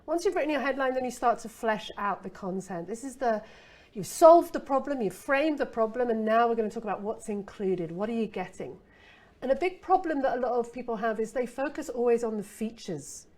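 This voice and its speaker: A woman's voice: fairly high pitch, expressive, brisk, darkish tone. Chatty, playful woman teaching copywriting. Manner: chatty and playful, with rhetorical asides. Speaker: copywriting expert giving a masterclass. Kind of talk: casual spoken masterclass.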